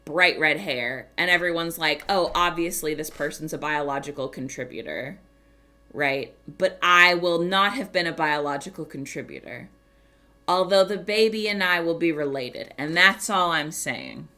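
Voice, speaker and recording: A woman streamer telling a story in casual chat, animated, swearing and laughing often. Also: sits low, moderate pace.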